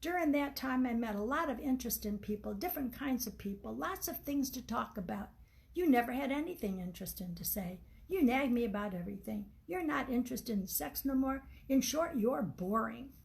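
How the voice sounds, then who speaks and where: A woman reading the part of a cold, dismissive husband who talks flatly and curtly. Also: fairly high pitch, brisk, creaky. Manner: flat, curt, demanding.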